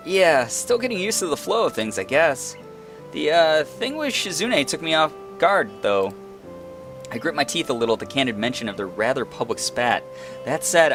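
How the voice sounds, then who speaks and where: Animated young man reading a story game. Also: medium pitch. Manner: animated, playful and joking. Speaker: let's play host. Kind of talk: reading a visual novel aloud with commentary.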